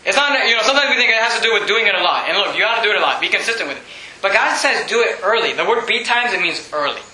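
A man preaching a sermon, emphatic and repetitive, often shouting. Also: sits high, lively intonation, rapid-fire, reverberant, a little hiss or hum, rough recording.

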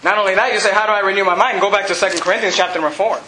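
A man preaching a fiery sermon as pastor, often shouting and laughing between lines, recorded in a church. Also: high-pitched, steady tone, racing, a little hiss or hum. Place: church hall. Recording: echoey church room.

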